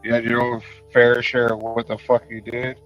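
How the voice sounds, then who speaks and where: A man chatting casually on a live stream, talking in an animated, passionate way and swearing freely, speaking into a headset. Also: medium pitch, moderate pace, dull audio, soft background music. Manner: animated, passionate, profane talk.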